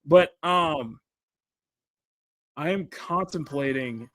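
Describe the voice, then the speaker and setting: A man with a higher voice talks extremely slowly while he draws on a casual livestream. He rambles and restarts his sentences, laughing often, and the recording has no echo.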